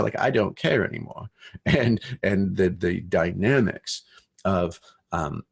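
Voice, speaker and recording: Deep gravelly man, casual explainer. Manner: loose, conversational, frequent fillers and swearing. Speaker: speaker on economics and sensemaking. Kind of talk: informal talk to an online audience.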